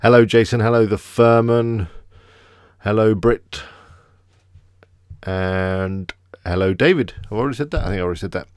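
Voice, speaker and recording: A man's voice: fairly low pitch, normal speed, long pauses, clean tone, no room sound, studio quality. An Englishman hosting a casual live stream, chatting with viewers and greeting them by name. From England.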